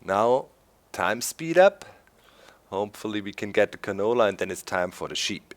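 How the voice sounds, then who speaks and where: A man's voice: on the low side, expressive, moderate pace. A man from Swabia with a German accent, chatting casually as host of a gameplay video, laughing often. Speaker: let's play host.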